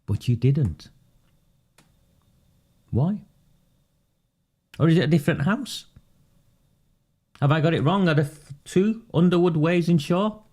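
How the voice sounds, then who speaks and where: A man's voice: on the high side, animated, unhurried, pauses often, a little mellow. A man doing casual live commentary on local politics for his viewers. He talks in a sarcastic, mocking way and often breaks into laughter.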